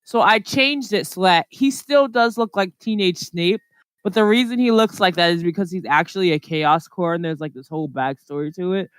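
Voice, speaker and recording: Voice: medium pitch, normal speed, fairly bright tone, clean tone, dry recording. A podcast co-host chatting casually, rambling through stories with lots of fillers. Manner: rambling, filler-heavy storytelling. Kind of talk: casual chat.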